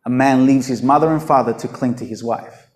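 A man's voice: mid-range voice, a little fast, darkish tone, roomy sound. A man preaching an unscripted sermon in a blunt, emphatic way, throwing out rhetorical questions.

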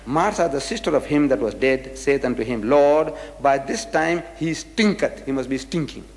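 A man's voice: mid-range voice, expressive, normal speed, a little hiss or hum. A man giving a religious lecture, reading scripture verses aloud and explaining them with rhetorical questions. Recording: echoey hall with long reverb.

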